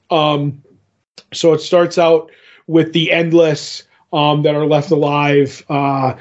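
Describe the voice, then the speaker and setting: A man's voice: on the high side, a little mellow. A man co-hosting a podcast, chatting casually and rambling about a comic book, often restarting his sentences. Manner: rambling, restarts often, reads out quotes in little voices. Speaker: podcast co-host. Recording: dull lo-fi podcast audio.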